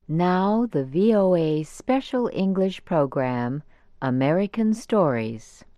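A woman announcing a radio story program in a slow, clear manner. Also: lowish voice, expressive, mellow, no room sound. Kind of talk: scripted radio introduction.

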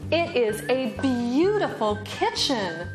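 An actress playing a cheerful young woman touring a friend's house, speaking with careful, clear enunciation in a scripted language lesson. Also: a little high, very animated, slow. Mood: friendly. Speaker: lesson presenter. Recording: music playing under the voice.

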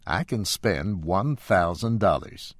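A man voicing a carefree, polite young gentleman who speaks light-heartedly. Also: low voice, animated, takes it slowly, dry recording, studio quality, full character voice. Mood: polite, breezy.

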